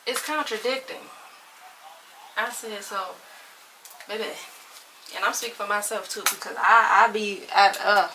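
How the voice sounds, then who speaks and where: A woman in her thirties chatting casually to camera in her kitchen while cooking, animated and folksy. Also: fairly high pitch. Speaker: vlogger. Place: home kitchen, moving around. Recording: slightly distant with faint room noise.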